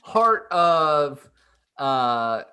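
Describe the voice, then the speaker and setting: A man from Colorado co-hosting a casual podcast, trading quick, teasing banter. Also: fairly high pitch, big pitch swings, pushed and bright, clear, resonant tone. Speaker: podcast co-host. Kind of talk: casual chat.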